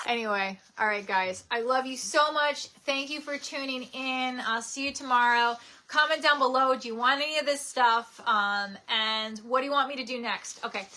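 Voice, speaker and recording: A young woman chats through a casual live stream from home, reading viewer comments aloud and laughing easily. Her voice sits a little high and sounds bright and clear. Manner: chatty, giggly, reads viewer comments aloud. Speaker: streamer host.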